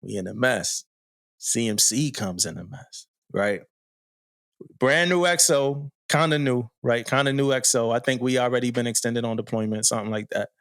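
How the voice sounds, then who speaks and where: A man's voice: mid-range voice, normal speed, a bit bright, no room sound, studio quality. A man, a podcast co-host, telling a story in a loose, slangy way, often laughing and asking "you know what I mean". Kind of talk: casual storytelling chat.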